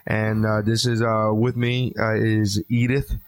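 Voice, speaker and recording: A man's voice: on the low side, flat delivery, a little slow, dry recording. A man co-hosting a podcast, chatting casually with crude jokes. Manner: joking, crude banter. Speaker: podcast co-host. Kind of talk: casual chat.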